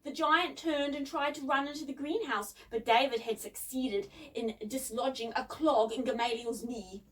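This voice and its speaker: A woman narrating a children's story in a calm, measured reading voice. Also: sits high, distant mic, poor audio.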